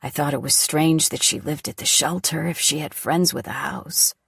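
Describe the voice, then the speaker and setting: Hushed, husky woman narrating an audiobook. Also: low voice, moderate pace, no room sound, studio quality. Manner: hushed, often whispery delivery. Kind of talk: first-person audiobook narration.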